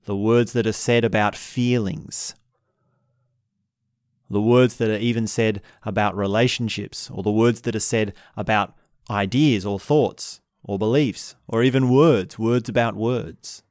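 A man calmly teaching about relationships in an unhurried, reflective way, sometimes acting out what couples say. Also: on the low side, dry recording, studio quality. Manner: calm, unhurried, acts out quoted couples.

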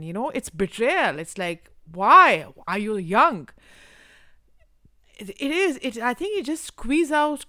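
Woman interviewer, gentle and sympathetic, mid-pitched voice. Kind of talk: empathetic interview.

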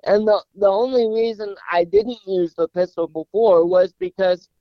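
Man in his 40s, high pitch, dry close sound, slightly muffled; animated, humorous storyteller. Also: normal speed, dry recording. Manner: animated, repeats words when starting sentences. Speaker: guest.

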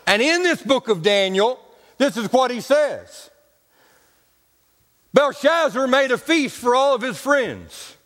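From the pulpit, a pastor delivers a storytelling sermon in a folksy, joking style with loose, casual grammar. His voice is fairly high for a man and a bit bright, swinging widely in pitch as he takes his time and pauses often, all ringing with the long reverb of a big church sanctuary.

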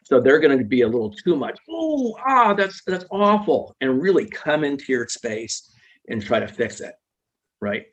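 In a dull lo-fi recording, a psychologist guest speaks at medium pitch and normal speed with a breathy edge. He explains ideas patiently during the interview and frequently checks in with tag questions.

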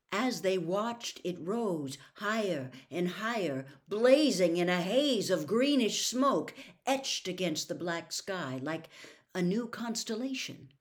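A woman reading a novel aloud expressively as a storyteller. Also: on the low side.

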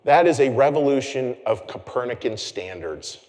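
A man preaching a conversational sermon as pastor, animated and chatty, with self-deprecating asides. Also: mid-range voice, normal speed, long reverb tail. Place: church sanctuary.

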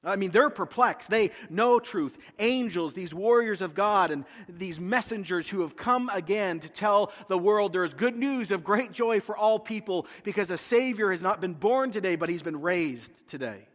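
A man's voice: high voice, expressive, moderate pace, hardly any pauses, fairly bright tone, long reverb tail. A man preaching a sermon, retelling a scripture story dramatically and acting out the voices of its figures. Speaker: pastor.

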